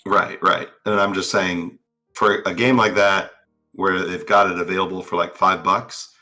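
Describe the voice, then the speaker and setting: Soft music accompanies a low-pitched man speaking at normal speed as he co-hosts a casual online show. Relaxed and meandering, he fills his chat with fillers.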